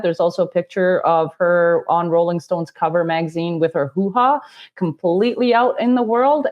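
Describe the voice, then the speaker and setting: A woman's voice: fairly low pitch, a little mellow, highs cut off. Blunt, laughing Canadian woman guest. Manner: laughs easily, blunt and sarcastic. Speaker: podcast guest. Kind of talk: casual chat.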